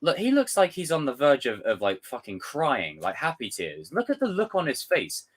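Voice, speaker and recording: Young male commentator, gushing and emotional, lively animated delivery, swears freely. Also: medium pitch, normal speed, husky. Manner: passionate, excitable, swears freely. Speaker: pop culture commentator. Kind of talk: emotional trailer breakdown with viewers.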